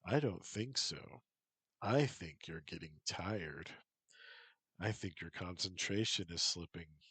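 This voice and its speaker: A man's voice: low-pitched, lively intonation, slow pace, bright, forceful tone, breathy edge, no room sound, heavily acted. A man voicing a stern, confident male superhero.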